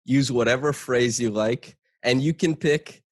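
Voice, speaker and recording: A man's voice: mid-range voice, a little slow, no echo, studio quality. A man hosting a podcast, asking questions in an upbeat, teasing way. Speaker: podcast host. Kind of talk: casual podcast interview.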